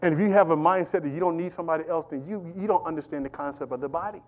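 High pitched middle aged pastor preaching in church, animated, repeats lines, talks to the crowd. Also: male voice, racing. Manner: animated, repetitive, calls out to the congregation. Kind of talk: sermon.

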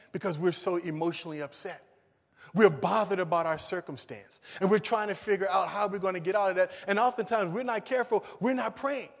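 A man preaching a sermon, moving from loud emphasis to hushed pleading. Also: high voice, long reverb tail.

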